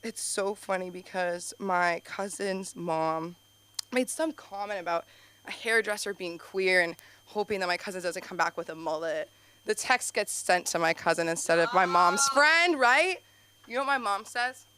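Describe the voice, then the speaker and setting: A woman doing a stand-up comedy set on a club stage, telling animated stories with constant "like"s. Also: lowish voice, moderate pace, clear, resonant tone. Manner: animated storytelling, heavy use of "like". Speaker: stand-up comedian and show host.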